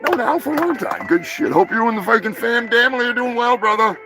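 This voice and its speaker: A man hosting a live stream, rambling crude jokes and shouting greetings to chatters. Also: very high voice, quick pace, rough recording. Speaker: live show host. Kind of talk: crude casual livestream banter. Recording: music playing behind the voice.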